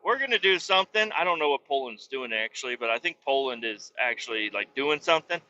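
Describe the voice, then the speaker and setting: A man's voice: medium pitch, brisk, pushed and bright, highs cut off. A man hosting a podcast, ranting in a rambling comedic way with lots of swearing and filler words. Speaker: podcast host. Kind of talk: comedic political rant.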